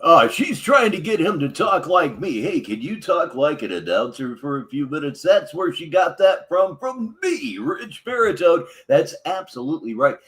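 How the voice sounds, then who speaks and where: A man's voice: a little high, big pitch swings, normal speed, few pauses, a bit bright. A man hosting live commentary over a stream, making sarcastic, insulting remarks. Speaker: commentary host.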